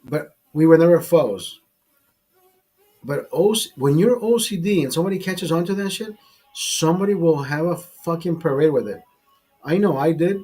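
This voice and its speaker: Husky man telling a rambling bar story. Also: on the high side, lively intonation, moderate pace, dark tone. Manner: profane, rambling anecdote with many restarts. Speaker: host. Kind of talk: casual storytelling.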